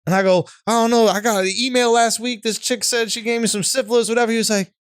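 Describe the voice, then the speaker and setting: A man's voice: very high-pitched, fairly even intonation, fast, clear, resonant tone, no room sound, studio quality. A man co-hosting a podcast, telling a story in a rambling, casual way, cursing freely and checking in with "right?". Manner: rambling, swears freely, peppers talk with "right?". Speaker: podcast co-host.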